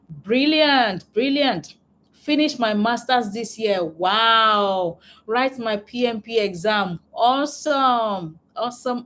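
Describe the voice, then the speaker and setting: A woman's voice: medium pitch, slight background noise. A woman business coach hosting a live online class, reading out chat replies and cheering each one on. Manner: upbeat and encouraging, repeats praise words.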